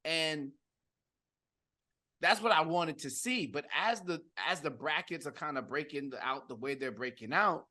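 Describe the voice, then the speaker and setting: A man's voice: fairly high pitch, expressive, moderate pace, bright, forceful tone. A man co-hosting a sports podcast, chatting casually and hesitantly, restarting his sentences. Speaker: podcast co-host.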